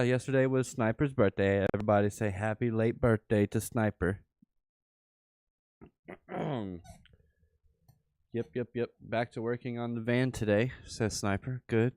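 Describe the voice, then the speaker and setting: A man's voice: on the low side, darkish tone, smooth, dry recording, studio quality. A man hosting a livestream, giving casual live chart commentary and thinking aloud with repeated phrases. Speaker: livestream host.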